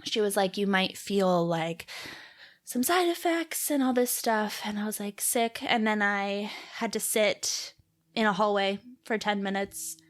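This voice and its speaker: A woman's voice: mid-range voice, a little slow. A young Canadian woman in her twenties co-hosting a podcast, telling a story in casual chat and acting out the people in it. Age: 20s. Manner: animated storytelling with acted-out quotes. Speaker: podcast co-host.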